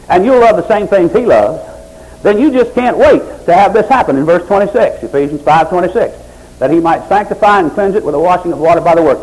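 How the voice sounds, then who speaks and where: A middle-aged male pastor preaching a sermon, swinging from loud, high exhortation to low, quiet pleading. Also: rough recording.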